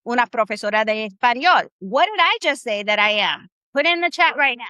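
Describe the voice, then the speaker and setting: A woman teaching Spanish live online with a bright, forceful voice pitched a little high. Her delivery is upbeat and coaching, and she keeps firing questions at her viewers. The sound is close and dry. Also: animated, brisk, no room sound. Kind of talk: live online language class.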